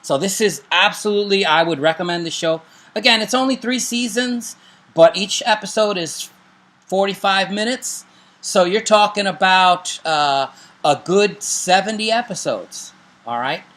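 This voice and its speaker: A man's voice: sits high, lively intonation, moderate pace, a bit bright. A middle-aged man co-hosting a casual chat and recommending TV shows, joking and making self-deprecating asides. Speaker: show co-host.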